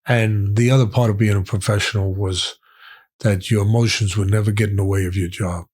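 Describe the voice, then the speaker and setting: Middle-aged New man, husky and low-pitched, tells stories emphatically and repeats lines for effect. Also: fairly even intonation, a little fast, darkish tone. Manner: emphatic, repeats phrases for weight. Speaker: guest, boxing trainer and commentator. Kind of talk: storytelling in conversation.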